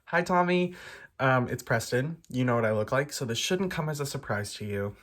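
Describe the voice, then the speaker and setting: A man's voice: medium pitch, expressive, normal speed, fairly bright tone. A young man, a college student, giving a joking, wry farewell message in a casual tone. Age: young adult. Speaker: acting student.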